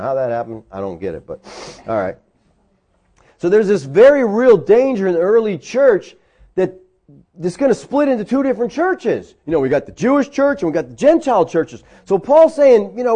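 Guy preaching, chatty sermon, high voice, soft mellow tone. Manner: animated, conversational preaching with rhetorical questions. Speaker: pastor.

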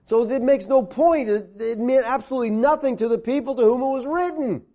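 A male preacher with a high but mellow, dark-toned voice delivers an emphatic sermon, pressing on key words. He quotes scripture in a lower, slower voice. The recording is dull and lo-fi.

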